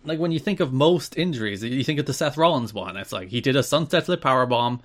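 Man, podcast co-host, dry delivery, casual chat, medium pitch. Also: lively intonation, fast talker. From Ireland. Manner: dry, reads news items then riffs.

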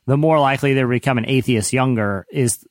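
A man's voice: mid-range voice, dry recording. A man in his thirties hosting a casual podcast chat, joking around and stopping and restarting his sentences often. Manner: joking, with many halting restarts. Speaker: podcast host.

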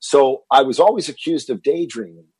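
A middle-aged man from Texas, a guest in an interview, telling stories in an animated way and acting out what people said. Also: medium pitch, moderate pace, breathy edge, dry recording, rough recording. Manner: animated storyteller acting out quoted dialogue. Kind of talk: storytelling interview.

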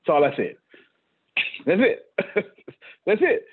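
A man with a husky voice speaks to his team over a video call, pressing his points home with casual slang and repetition. The sound is tinny and narrow, like a phone line, and his pitch sits in the middle range. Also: very animated, normal speed, pauses often. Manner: emphatic, repeats himself, casual slang. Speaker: business leader hosting a team meeting. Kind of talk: motivational talk on a video call.

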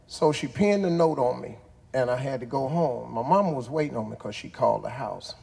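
A man's voice: mid-range voice, fairly quick, vocal fry, darkish tone, slightly rough, in a large hall. A man in his sixties hosting a show, telling a childhood story in a folksy, drawling way that builds to punchlines. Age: 60s. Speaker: host. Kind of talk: motivational storytelling.

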